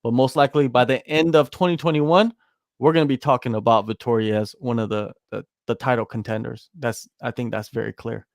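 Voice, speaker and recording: A man co-hosting a sports podcast in casual chat, talking in an animated, emphatic way and restarting his sentences. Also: mid-range voice, brisk, vocal fry, dry recording, studio quality. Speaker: podcast co-host.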